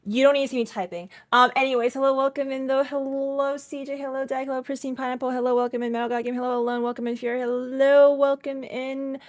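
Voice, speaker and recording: A woman's voice: sits high, little pitch movement, fast, few pauses, no room sound. A woman live-streaming from home, chatting casually and rambling as she greets viewers by name and talks through her setup.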